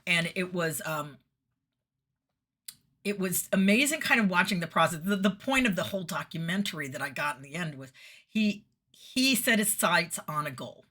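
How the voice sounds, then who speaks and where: A woman's voice: lowish voice, animated, moderate pace, bright, forceful tone. A middle-aged woman telling stories in a chatty monologue, laughing often and acting out the people in them. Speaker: vlogger giving weekly messages. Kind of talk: casual storytelling monologue.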